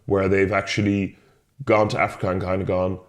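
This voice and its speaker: Low-voiced man, hesitant podcast chat. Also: level tone, brisk. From Netherlands. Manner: hesitant, many restarts and self-corrections. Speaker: podcast co-host. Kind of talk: casual conversation.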